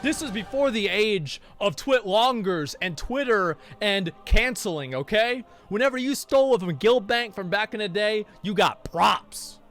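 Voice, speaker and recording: High-voiced profane male streamer. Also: a little slow, hardly any pauses, soft background music. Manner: profane, animated, acts out quoted voices. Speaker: streamer telling a story. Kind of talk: casual storytelling chat.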